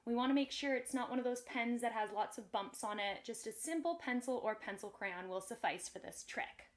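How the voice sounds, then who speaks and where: A young woman teaching children music warm-ups and a magic trick in a cheerful, slow, encouraging way, recorded indoors on a camera mic. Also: a little high. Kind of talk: children's lesson.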